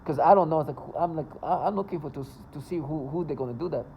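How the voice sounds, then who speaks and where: A man's voice: fairly high pitch, fast talker, gravelly, highs cut off, slight background noise. A man talking to camera in a casual, rambling monologue, agitated and full of stumbles and restarts. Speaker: vlogger.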